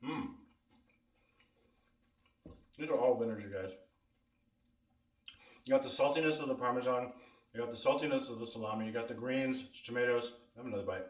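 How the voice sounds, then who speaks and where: A man's voice: medium pitch, normal speed, pauses often. A man hosting a casual snack taste-test vlog, chatting to his viewers as he eats. He often talks with his mouth full. His voice sounds roomy and a little distant, with plenty of echo around it. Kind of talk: casual food review vlog. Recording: echoey room, mic at a distance.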